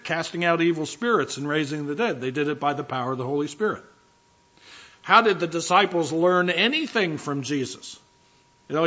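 A man's voice: a little high, a bit bright, dull audio. A male pastor giving a conversational sermon, teaching with rhetorical questions and asides.

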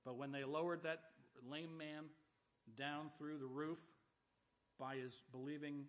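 A man pastor preaching a sermon, with loud emphatic bursts and dry humorous asides. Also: a little high, level tone, measured pace, lo-fi sound.

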